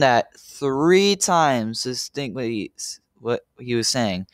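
A man's voice: medium pitch, very animated, takes it slowly, dry recording, clean studio sound. A man giving profane reaction commentary on a video, exasperated and rambling, with stammers.

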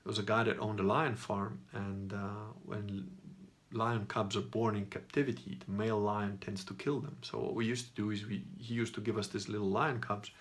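A man's voice: on the low side, flat delivery, moderate pace. Rambling, profane man telling a story. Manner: rambling, profane, laughs as he talks, acts out quotes. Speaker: channel host telling a personal story. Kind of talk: casual storytelling monologue.

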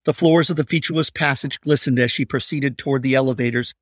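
A man reading aloud from his crime thriller in a steady, measured narration. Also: mid-range voice, dry recording, clean studio sound. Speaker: author reading his novel.

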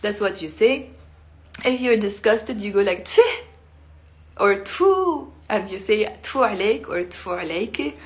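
A woman's voice: mid-range voice, steady tone, normal speed. A woman, teaching a casual live lesson in a chatty way, laughing often and acting out sounds. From Lebanon. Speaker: Arabic teacher.

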